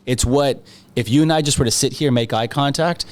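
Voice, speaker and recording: A man's voice: mid-range voice, a little fast. A man as a podcast guest, talking about his real estate work in a confident, emphatic way, hammering home points with short repeated lines. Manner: emphatic, confident, punchy repetition. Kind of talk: conversational interview.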